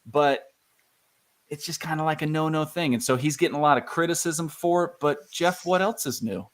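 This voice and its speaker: A man's voice: fairly high pitch, moderate pace. Chatty male co-host bringing up topics. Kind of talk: casual chat. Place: live stream video call.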